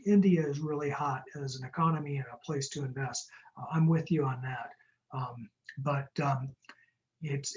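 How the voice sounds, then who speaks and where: Fast-talking jokey man on a webinar. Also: on the high side, darkish tone, lo-fi sound. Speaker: startup lawyer presenting a webinar. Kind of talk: webinar talk with Q&A. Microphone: video call.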